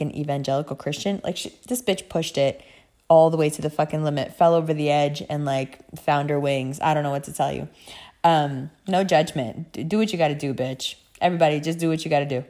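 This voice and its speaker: Low, gravelly woman chatting about books. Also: a little fast. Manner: profane, chatty, animated storytelling. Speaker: book vlogger. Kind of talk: casual chat.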